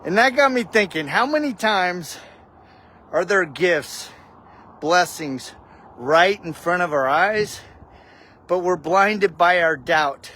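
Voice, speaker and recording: A man's voice: high voice, animated, takes it slowly, long pauses, pushed and bright, a little hiss or hum. A man casually telling a heartfelt personal story with a faith reflection, often saying "dude". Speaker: vlogger.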